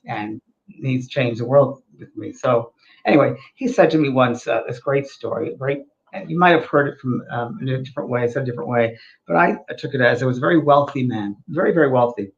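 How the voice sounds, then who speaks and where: A man's voice: mid-range voice, fairly quick. A male co-host speaking in an earnest, storytelling way, repeating his points for emphasis in a casual spiritual talk show. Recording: dull, lo-fi sound.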